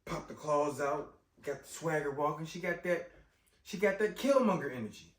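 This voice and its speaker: Man, casual movie recap, animated, slangy, lively pitch, roomy echo, distant mic. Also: moderate pace.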